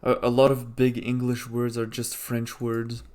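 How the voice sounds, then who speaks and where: Man, casual chat, monotone, explaining, occasional swearing. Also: mid-range voice, unhurried.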